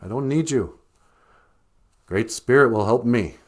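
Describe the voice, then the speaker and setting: A man's voice: medium pitch, measured pace, natural voice. A man voicing a stubborn, self-righteous male rabbit stuck in a snare, pleading and indignant.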